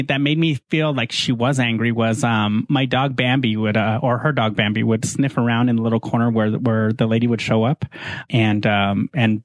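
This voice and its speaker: A man's voice: medium pitch, dry recording. A man with a Chicano accent, chatting casually and telling a ghost story with lots of acted-out voices. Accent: Chicano English. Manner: animated storyteller, acts out voices and laughs often.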